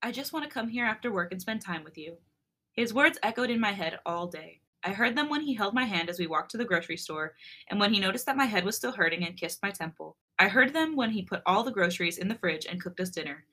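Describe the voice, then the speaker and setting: A woman podcast co-host reading a romance story aloud in an expressive narration. Her voice is bright and clear, with a middle pitch. She breaks off for animated, giggly chat. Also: fast.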